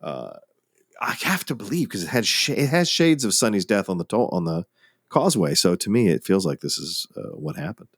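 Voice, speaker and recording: Low-voiced guy on a film podcast, swears, swings his pitch a lot. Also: big pitch swings, fairly quick, no room sound, clean studio sound. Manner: musing, emphatic, profane. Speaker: podcast co-host. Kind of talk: casual film discussion.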